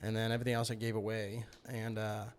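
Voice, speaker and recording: A man recounting a personal story in casual conversation, animated and acting out quoted lines with bursts of laughter. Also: on the low side, quick pace, a little hiss or hum. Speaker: guest.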